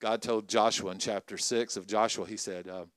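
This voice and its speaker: A middle-aged man preaching a sermon to college ministry leaders, conversational and energetic, often asking the crowd questions. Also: on the low side, moderate pace, no echo. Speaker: pastor.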